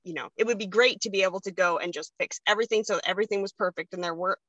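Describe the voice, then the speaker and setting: Bright, chatty woman podcast host. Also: mid-range voice, very fast, no echo, muffled recording. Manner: chatty, gushing, laughs easily. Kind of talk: casual chat.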